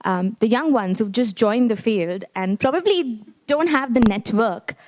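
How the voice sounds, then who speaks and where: A woman's voice: a little high, lively intonation, measured pace, a little mellow. A woman in the audience asking a panel a polite, hesitant question. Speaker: audience member.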